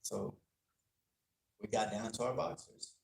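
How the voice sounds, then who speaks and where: A man's voice: lowish voice, measured pace, gravelly, slight background noise. A man from Texas giving an earnest, plainspoken talk about his past to a university audience, acting out the people he quotes. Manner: earnest, plainspoken, acts out dialogue. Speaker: guest speaker on gang culture. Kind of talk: personal storytelling to an audience. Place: university lecture room. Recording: echoey room, faint clicking.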